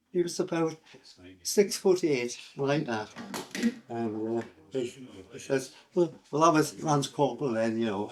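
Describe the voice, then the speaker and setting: A man's voice: mid-range voice, darkish tone. An older man with a Sunderland accent, recounting his life story in an interview, hesitant and full of fillers and restarts. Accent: Sunderland English. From England.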